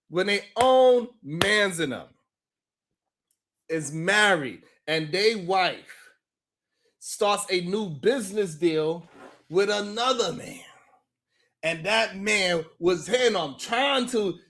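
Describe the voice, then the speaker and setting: A man's voice: high-pitched, a bit bright. A man hosting a live stream, talking in a loose, slangy, mocking way. He laughs often and greets viewers in the chat by name. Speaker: live-stream show host. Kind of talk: casual live-stream commentary.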